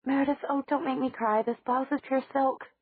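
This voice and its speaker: Teasing young heroine, smug and breathy, read by a woman, over a dry, tinny line. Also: sits high, fairly even intonation, fairly quick, no room sound, voice pushed up. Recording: dry, tinny phone-like audio.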